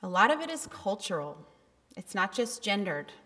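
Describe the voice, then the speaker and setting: A woman's voice: mid-range voice, big pitch swings, normal speed, pushed and bright. A woman pastor giving a candid, conversational sermon with bursts of emphasis, recorded in a church. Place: church sanctuary. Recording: long reverb of a church hall.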